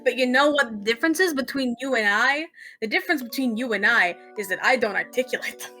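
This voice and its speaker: A woman co-hosts a game stream in a bright, fairly high voice. She teases her co-host and swears freely. Her manner is casual and quick to argue. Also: expressive, soft background music. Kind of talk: casual chat while playing a game.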